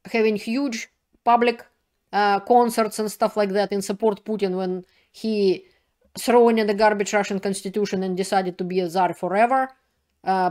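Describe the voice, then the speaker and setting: A woman's voice: medium pitch, a little mellow. A woman giving an indignant, emphatic video commentary in non-native English with broken grammar. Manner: indignant, emphatic, plain-spoken. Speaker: political commentator.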